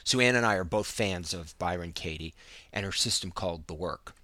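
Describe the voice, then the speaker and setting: A man with a deep, bright voice reads a measured show introduction. His recording is dry and close to the mic. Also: no room sound. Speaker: podcast host.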